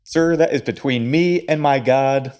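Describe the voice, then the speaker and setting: A man putting on a booming self-important priest. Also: measured pace, darkish tone, clean tone, natural voice. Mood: pompous. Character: grandiose pompous priest, adult man.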